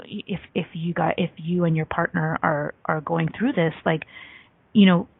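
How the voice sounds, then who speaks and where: A woman hosts a radio talk show, her low voice gravelly and a little husky. She tells stories casually, with lots of "like" fillers. She comes through a dry, tinny phone line. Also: fairly even intonation, normal speed, no echo. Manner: storytelling, frequent "like" fillers. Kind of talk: casual radio interview chat.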